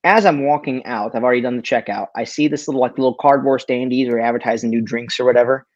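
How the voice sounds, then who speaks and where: A man co-hosting a casual online show. He tells stories in an animated way and swears a lot. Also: mid-range voice, fast, no echo, dull audio. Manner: profane, animated storytelling. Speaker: podcast co-host. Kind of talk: casual chat.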